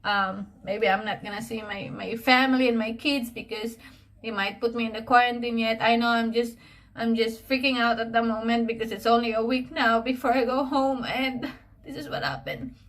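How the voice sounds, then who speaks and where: A woman from the Philippines with a Filipino accent, recording a personal video diary at home, emotional and close to tears, speaking haltingly with many fillers and restarts. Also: fairly high pitch, fairly even intonation. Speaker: vlogger.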